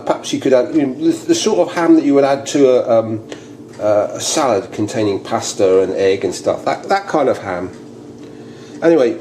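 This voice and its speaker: In his home kitchen, a British man hosts a casual cooking demonstration, rambling and chatting with lots of restarts. His medium-pitched voice is gravelly and mellow, and the room sounds echoey with faint noise.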